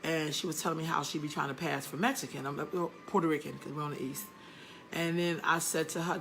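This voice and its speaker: A middle-aged woman talks straight to her viewers in a casual, blunt monologue, laughing easily and punching her points. Her voice is bright and forward. A faint hiss sits under the recording. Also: fairly low pitch, a little fast. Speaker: host.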